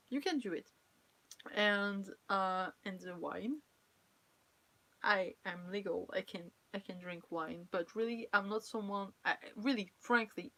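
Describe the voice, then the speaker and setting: A woman's voice: medium pitch, fairly bright tone. A young woman from France with a French accent, chatting casually and playfully on a live stream, laughing often and teasing her viewers. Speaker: cosplayer streamer.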